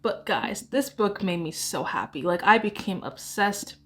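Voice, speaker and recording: A woman talks casually into a camera indoors, chatting as a book vlogger. She rambles, giggles and pokes fun at herself. Her voice sits at an ordinary middle pitch. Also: expressive, measured pace, fairly bright tone. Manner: rambling, self-deprecating, giggly. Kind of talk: casual chat.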